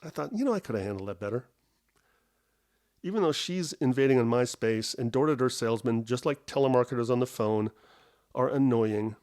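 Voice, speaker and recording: Hosting a solo podcast from home, a middle-aged man with a medium-pitched, darkish voice tells a story. He rambles and interrupts himself, his humor wry and self-mocking.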